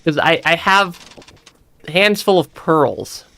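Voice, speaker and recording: A man's voice: a little high, slow pace, pushed and bright. A young man giving casual let's-play commentary, stammering and restarting often and laughing between remarks. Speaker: streamer.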